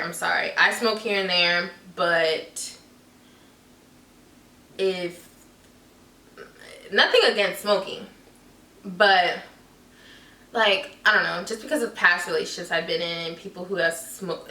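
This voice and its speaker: A loud, goofy young woman talking through a casual vlog with a bright, forceful tone. She sits back from the mic in an echoey room. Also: lowish voice, recorded from a distance. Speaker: vlogger.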